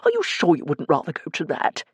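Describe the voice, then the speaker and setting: A man's voice: fairly high pitch, huge pitch swings, fairly quick, breathy edge, no room sound, heavily acted. A woman voicing Morris, a fussy and kindly man who worries and is easily scandalised. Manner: anxious, doting, easily scandalised.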